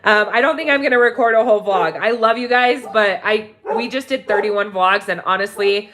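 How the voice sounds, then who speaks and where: A woman's voice: medium pitch, brisk, fairly bright tone. Chatty woman vlogger talking to viewers. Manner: rambling, heartfelt, many ums and restarts. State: tearful near the end. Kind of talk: casual chat to viewers. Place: home in Mexico.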